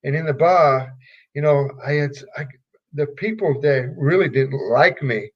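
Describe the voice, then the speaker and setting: A man's voice: fairly high pitch, highs cut off. An older man from England with a Yorkshire accent, telling rambling stories in an interview, full of fillers and restarts. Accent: Yorkshire English. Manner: rambling, halting, many fillers. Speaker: retired wrestler, guest. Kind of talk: casual storytelling interview.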